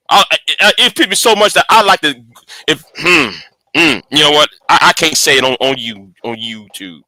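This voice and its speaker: Male host, high lively pitch, close dry sound, angry profane rant with many restarts. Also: no echo. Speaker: channel host. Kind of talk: casual livestream rant.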